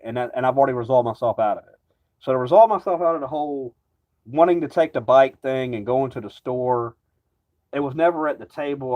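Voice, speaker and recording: A man's voice: mid-range voice, darkish tone. A man ranting casually to camera, rambling and agitated, swearing constantly. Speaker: vlogger. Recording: dull lo-fi recording.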